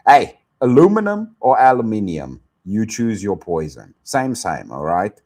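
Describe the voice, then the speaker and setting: A man's voice: lowish voice, sing-song, a little slow, few pauses, a little mellow. A young South African man hosting a stream, chatting in a teasing, rambling, slangy way. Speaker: streamer host. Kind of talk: casual reaction stream chat.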